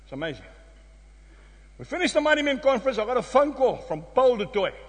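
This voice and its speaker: A South African man preaching a sermon, telling a story with emphatic exclamations that drop to hushed tones. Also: very high-pitched, sing-song, fairly quick, breathy edge. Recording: long hall reverb.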